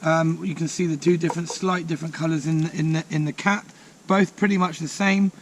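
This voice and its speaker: Enthusiastic man, fairly high voice. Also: steady tone, brisk, a little hiss or hum. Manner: enthusiastic, chatty, many fillers. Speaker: mushroom forager and course teacher. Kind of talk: casual outdoor explanation. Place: outdoors in woodland.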